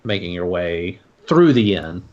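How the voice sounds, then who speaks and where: Halting man running a tabletop game. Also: deep voice, big pitch swings, a little mellow. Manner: halting, many filler sounds. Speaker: game master. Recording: dull lo-fi recording.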